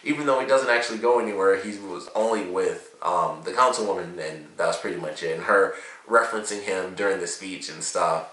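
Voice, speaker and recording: A young man reviews a TV episode in loose, rambling talk full of fillers and laughs. His low voice has a bright edge. He sits back from the mic in an echoey room. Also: fairly quick, recorded from a distance. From Detroit area, USA. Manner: rambling, laughs often, heavy filler words. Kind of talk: casual review monologue.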